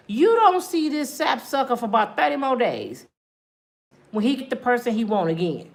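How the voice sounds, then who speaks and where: Animated woman doing a comedic rant. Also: fairly high pitch, moderate pace. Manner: animated, acts out scenes, swings between loud and hushed. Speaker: comedic talk show host. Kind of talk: comedic monologue.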